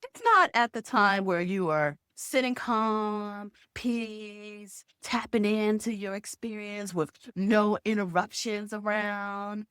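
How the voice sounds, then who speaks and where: A woman's voice: medium pitch, takes it slowly, few pauses, clear, resonant tone, no echo, clean studio sound. A middle-aged woman telling a personal story to camera, acting out sounds and voices as she goes. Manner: expressive storyteller who acts out sounds and voices. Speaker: video host and former HR executive.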